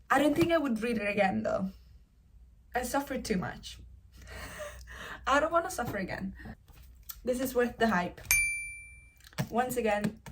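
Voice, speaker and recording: Young woman gushing about books on her channel, swears a lot, bit of faint room hiss behind. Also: on the high side. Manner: animated, swearing, emotional reactions to reading. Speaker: book vlogger. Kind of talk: casual chat.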